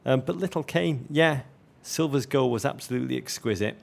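A man's voice: medium pitch, a little fast, gravelly. A man from North West England co-hosting a football podcast, talking in a florid, joking way full of vivid comparisons. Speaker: podcast co-host. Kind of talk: comic football chat.

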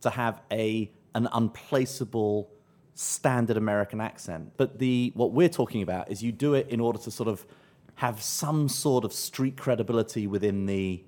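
A middle-aged man from South East London, with that area's English accent, co-hosting a podcast in a brisk, playful way and reading listings and plugs like an announcer. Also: lowish voice, a little mellow. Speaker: podcast co-host. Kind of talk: casual chat and show segments.

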